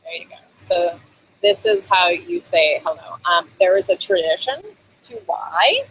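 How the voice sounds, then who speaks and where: In Bangkok, a woman teaches basic Thai phrases in a casual on-camera lesson, chatting with frequent ums and laughs between phrases. Her fairly low voice is sing-song, unhurried and a bit bright. The recording is low quality with slight background noise.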